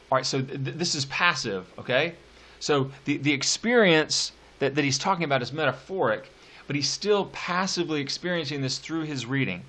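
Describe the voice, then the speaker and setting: A male teacher giving a recorded poetry lecture. He reads verse slowly with drawn-out stresses and drops casual asides between the lines. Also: mid-range voice, expressive, fairly bright tone.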